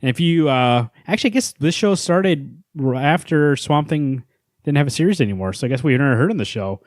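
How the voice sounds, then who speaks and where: A man's voice: on the high side, expressive, a little fast, dry recording. Playful podcast guy, dry studio sound. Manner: playful, tells rambling joke stories. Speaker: podcast co-host. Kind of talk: casual chat.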